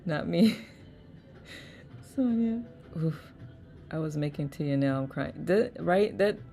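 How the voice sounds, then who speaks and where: A woman's voice: deep voice, vocal fry, warm tone. A woman hosting a live online chat, reading viewers' messages aloud and laughing often. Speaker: host.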